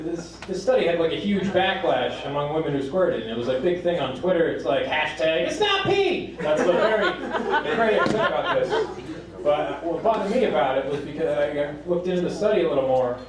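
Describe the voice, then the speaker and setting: A man performing a stand-up comedy set on stage, with a deadpan delivery that jumps into high squeaky voices when he quotes people. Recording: live club recording from a distance, echoing room, crowd laughter. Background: audience laughter.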